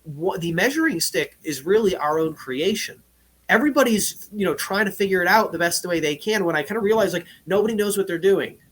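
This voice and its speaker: A man who is a guest on a talk show, speaking earnestly and casually, often ending points with "right?" and getting louder and higher when he is excited. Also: brisk, slight background noise. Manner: earnest, says "right?" again and again; gets loud and high when excited. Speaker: podcast guest, life coach.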